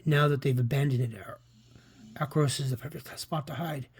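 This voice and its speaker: A man with a husky voice reading the part of a cocky, gloating male criminal on the run in a comic, with small stumbles. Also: medium pitch, steady tone, normal speed. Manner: plain read-aloud delivery with stumbles.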